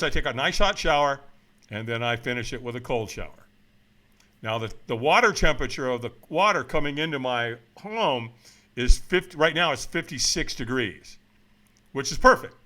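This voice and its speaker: A man's voice: fairly high pitch, pushed and bright. A man in his seventies, a guest on an interview, talking in an emphatic, blunt, motivational way. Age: 70s. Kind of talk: casual interview talk.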